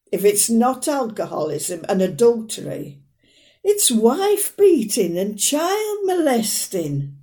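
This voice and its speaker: This mid-range female voice delivers a dramatic monologue in character as a proud, fussy old mother from the north, with a sharp tongue and a dry, no-nonsense way of talking.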